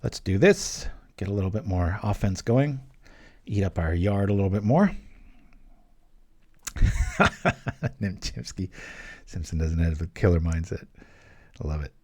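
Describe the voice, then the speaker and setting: He's a gameplay commentator with a low, dark voice, speaking at a measured pace and pausing often. While playing cards, he rambles casually, cracking jokes and chatting between moves.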